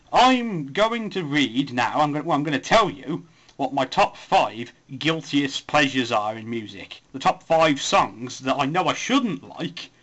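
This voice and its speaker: A young man chats at an easy middle pitch, wandering from one tangent to the next. He mocks himself as he goes, in a loose, casual spoken post. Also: sharp tone. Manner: rambling, self-mocking, puts on silly voices. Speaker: forum voice poster.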